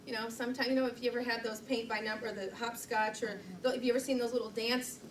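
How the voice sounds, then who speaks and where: A woman's voice: a little high, level tone, quick pace. A middle-aged woman giving a live public speaking training, chatty and self-deprecating, laughing often as she demonstrates poses. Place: meeting room, recorded from the back. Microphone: far camera mic. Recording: roomy, distant and noisy room recording.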